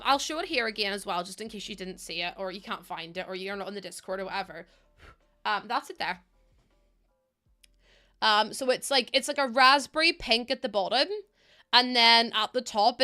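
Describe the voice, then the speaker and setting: A woman's voice: a little high, pushed and bright. A young woman with a Northern Irish accent, chatting casually with viewers as she streams a game, rambling and laughing often. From Northern Ireland. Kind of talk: casual live-stream chat, greeting viewers.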